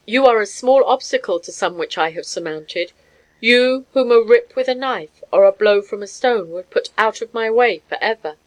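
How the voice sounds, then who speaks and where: A woman voicing a passionate Russian man who speaks gravely and pleads earnestly. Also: on the high side, lively intonation, moderate pace, natural voice, poor audio. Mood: pleading.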